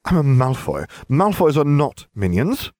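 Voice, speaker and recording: A man's voice: a little high, very animated, fast talker, no echo, pitched above the performer's own voice. A man voicing a snobbish, arrogant rich boy with a haughty, disdainful manner.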